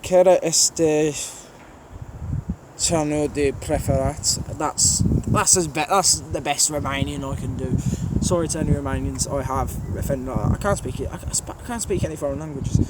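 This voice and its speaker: A man's voice: medium pitch, brisk, hardly any pauses. A man with a strong Birmingham accent answering viewer questions in a casual vlog, blunt and rambling with plenty of fillers, recorded outdoors at a railway station. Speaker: trainspotting channel host. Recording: outdoor background noise.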